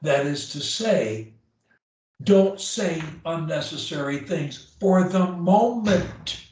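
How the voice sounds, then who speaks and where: A male speech coach talks slowly and bluntly, hammering his points home with repetition. His voice sits a bit high for a man. It sounds distant, caught in a very echoey room. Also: lively intonation, a little mellow. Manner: blunt, emphatic, repeats key phrases. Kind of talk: one-on-one coaching session. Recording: echoey room, far from the mic.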